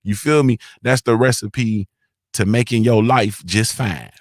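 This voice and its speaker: Male morning-show host, lowish voice, relaxed slangy banter from home, dry close sound. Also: unhurried, dry recording. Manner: laid-back slangy talk, shouting out viewers. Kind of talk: casual livestream chat.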